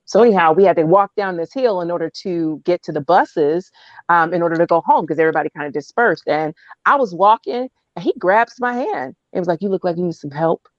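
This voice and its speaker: Animated woman telling a story. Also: brisk, no room sound, lo-fi sound. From Oakland, California. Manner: animated, laughs often, acts out quotes in a high voice. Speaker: podcast guest. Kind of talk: casual storytelling.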